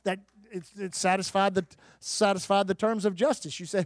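A man preaching a sermon, emphatic, with rhetorical questions, repeated phrases and occasional shouted bursts. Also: high voice, steady tone, normal speed, no room sound, studio quality. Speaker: pastor.

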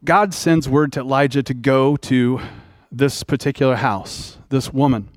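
A man's voice: medium pitch, a little slow, no room sound, studio quality. A man preaching a sermon as pastor, retelling a story in a plain-spoken, conversational way.

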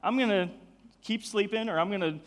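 A man's voice: high voice, brisk, long reverb tail, pitched above the performer's own voice, close to an everyday voice. A man voicing a dismissive young queen in a raised, flippant tone.

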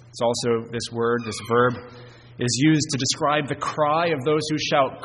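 A man preaching an evening sermon, earnest, with emphatic stresses and phrase endings that drop soft. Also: medium pitch, steady tone, normal speed, in a large hall, a little hiss or hum. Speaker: pastor. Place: church sanctuary.

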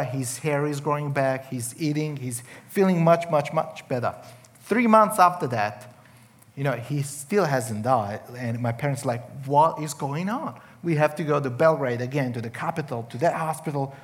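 Emotional man telling his story. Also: fairly high pitch. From Serbia. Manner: emotional storytelling with many restarts. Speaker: guest sharing testimony. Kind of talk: personal testimony.

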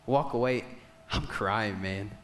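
A young man preaching a sermon, telling a story with passion and swinging from loud declarations to hushed moments. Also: lowish voice, slow, a little hiss or hum.

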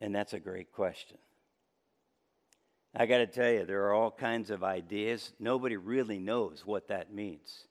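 A man preaching a sermon as pastor, impassioned, swinging between loud high peaks and low quiet passages. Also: measured pace.

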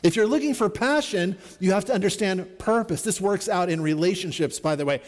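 A man's voice: high voice, a little fast, big-room sound. A middle-aged man preaching a sermon as a pastor, in an earnest, conversational way with repeated refrains.

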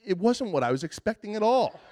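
A man's voice: high voice, sing-song, brisk, a little mellow. A man preaching a sermon in a conversational, self-deprecating way, often restarting his sentences. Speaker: pastor.

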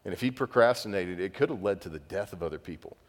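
A man's voice: deep voice, lively intonation, fast. A man preaching a sermon as pastor, telling conversational, self-deprecating stories. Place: church sanctuary. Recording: long reverb of a church hall.

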